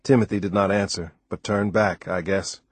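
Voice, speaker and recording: A man reading a book aloud as narrator, in a measured, plain storytelling manner. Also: low-pitched, fairly even intonation, no room sound. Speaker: audiobook narrator. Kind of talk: scripted narration.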